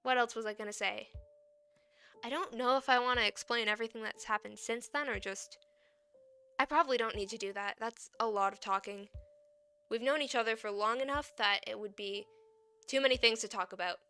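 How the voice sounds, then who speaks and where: Bright, clear-voiced chatty young woman. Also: fairly high pitch, a little fast, faint music behind. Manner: rambling, chatty. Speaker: VTuber. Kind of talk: casual chat.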